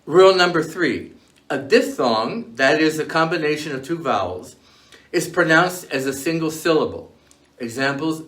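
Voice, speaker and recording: A man with a voice a little above the usual pitch delivers a scripted language lesson. He speaks in a measured, clear way and slows down when he gives example words. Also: lively intonation, fairly bright tone. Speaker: language teacher.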